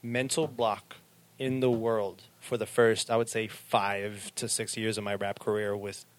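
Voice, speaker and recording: A man co-hosting a casual group chat, animated and swearing, with sudden loud bursts when he gets excited. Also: fairly low pitch, unhurried. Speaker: podcast co-host and rapper.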